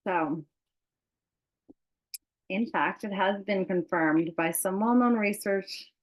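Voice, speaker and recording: A woman presenting a webinar on a video call, relaxed and filling pauses with "okay". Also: mid-range voice.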